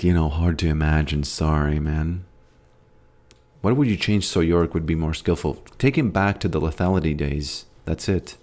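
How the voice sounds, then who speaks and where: A man's voice: a bass voice, normal speed, a little mellow. A man with an American accent casually commenting on his gameplay as a streamer, reading chat questions aloud and rambling with loose, trailing thoughts.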